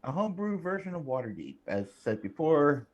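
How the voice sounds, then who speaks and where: A man's voice: on the high side, sing-song, fairly quick, muffled recording. A man acting as game master, welcoming viewers and introducing the players on a tabletop game stream in a laid-back way.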